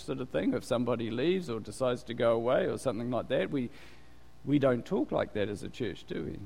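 Chatty preacher in a reverberant hall. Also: male voice, medium pitch, expressive, normal speed, creaky. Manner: chatty, quizzes the congregation. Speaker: pastor. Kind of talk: conversational sermon. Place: church.

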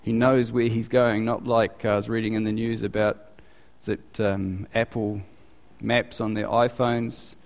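A man preaching a sermon as pastor in a conversational, animated way, his voice climbing when he acts out questions. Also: measured pace, vocal fry. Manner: conversational, animated, rising in pitch for quoted questions. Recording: long reverb of a large hall.

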